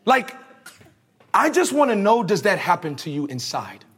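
A man's voice: high-pitched, very animated, normal speed, fairly bright tone, slightly rough. A male preacher giving a conversational, slangy sermon, leading the congregation in call-and-response.

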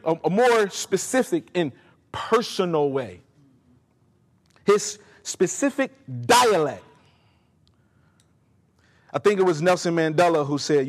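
A male pastor delivering a sermon with emphatic, direct appeals to the congregation. His voice sits a little high for a man. The sound rings with a long hall reverb, as in a church sanctuary.

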